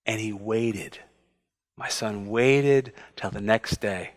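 A man in his thirties preaching from the pulpit of a church. He tells stories about his family with animated swings in his voice, acting out the other people's lines. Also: mid-range voice. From United States. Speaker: pastor. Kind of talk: sermon. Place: church sanctuary.

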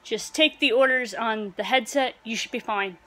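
A woman performing comedic skits, trading quick short lines between several characters. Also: fairly high pitch, fairly bright tone, rough recording. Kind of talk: comedic skit dialogue.

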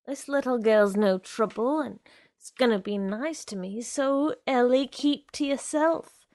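A woman acts out a menacing young stalker with a wheedling, pushy way of talking. He drawls slowly, with a gravelly edge. The sound is close and dry. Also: on the high side, darkish tone, no echo, pitched above the performer's own voice. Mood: rapid, bossy. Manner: wheedling and pushy, slipping into threats.

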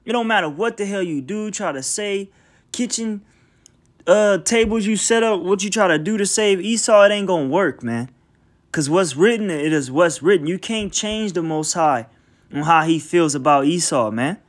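Male bible teacher, high-pitched, casual and profane, reads verses then riffs emphatically. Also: normal speed. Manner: emphatic, repeats filler "man". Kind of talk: informal scripture teaching.

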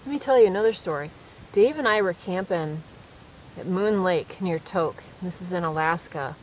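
A woman chatting to camera while camping alone in the woods at night, telling lively stories in a casual, animated way. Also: fairly low pitch, normal speed, a little hiss or hum, poor audio. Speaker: solo camping vlogger.

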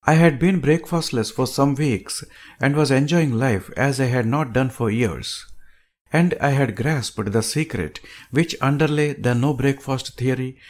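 A man reading an audiobook aloud with a measured, emphatic delivery. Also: mid-range voice. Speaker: audiobook reader.

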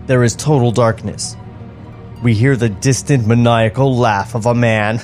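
A man's voice: medium pitch, steady tone, a little slow, darkish tone, soft background music. A man co-hosting a comedy podcast, reading screenplay narration aloud and breaking off into incredulous rants. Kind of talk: comedic table read narration.

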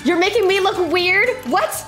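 A woman putting on a Filipino accent, high and excitable. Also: normal speed, faint music behind. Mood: excited. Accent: put-on Filipino accent. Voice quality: profane and excitable. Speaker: streamer. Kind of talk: casual live-stream chat.

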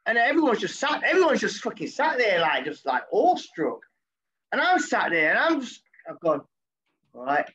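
A man's voice: high-pitched, sing-song, moderate pace, sharp tone, husky. A man, a former footballer, telling a story in casual chat, swearing freely and jumping his voice up when he quotes himself. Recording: dull lo-fi recording.

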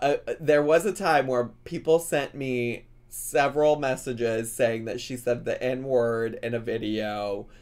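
A man streaming a casual reaction commentary, animated and often incredulous, laughing as he talks. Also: medium pitch.

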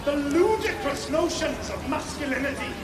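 A man giving a formal public speech in a measured, solemn way. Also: very high-pitched, lively intonation. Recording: distant echoey open air with loud noise.

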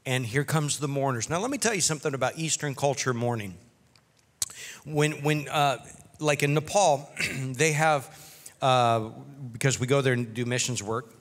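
Man, pastor, sermon, bright forceful voice, chatty asides, long reverb of a church hall. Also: medium pitch. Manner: conversational preaching with humorous asides.

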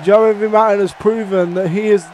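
Man, gamer, high voice, loud reactive commentary, faint hiss. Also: fairly even intonation, quick pace, dull audio. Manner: swears a lot, reacts loudly to the action. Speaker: gamer playing a wrestling game. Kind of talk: excited let's-play commentary.

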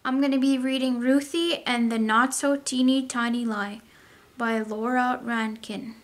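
A woman teacher reading a children's storybook aloud, in an expressive read-aloud manner. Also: a little high, measured pace.

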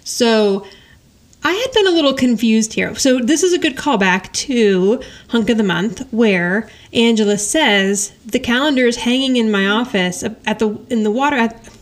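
A woman's voice: a little high, normal speed. A woman co-hosting a podcast, chatting casually and laughing as she recaps a sitcom episode. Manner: animated, quotes characters in paraphrase, laughs often. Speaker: podcast co-host.

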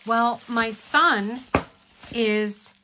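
A woman's voice: a little high, extremely slow, background noise. A woman hosting a casual unboxing vlog, gushing and chatty as she talks to her viewers. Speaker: craft channel host.

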